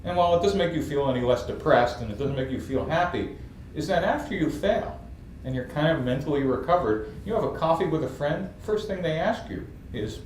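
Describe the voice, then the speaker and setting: This man from New York has a fairly high pitch and speaks fairly quickly with hardly any pauses, telling humorous stories as a lively entrepreneur guest in a storytelling interview. It's an event stage recorded from a distance, echoey, with faint ambience and slight background noise.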